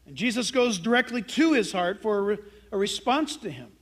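A man's voice: sits high, very animated, a little fast. A male pastor preaching a sermon, emphatic and direct, firing rhetorical questions at his congregation.

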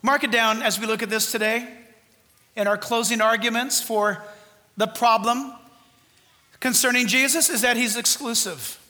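A fervent man preaching to his church, his voice very high and bright. He is loud and exuberant, tosses in jokes, and his words ring through a long reverberant hall. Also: fairly even intonation, moderate pace, pauses often. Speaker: pastor. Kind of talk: sermon. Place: church sanctuary.

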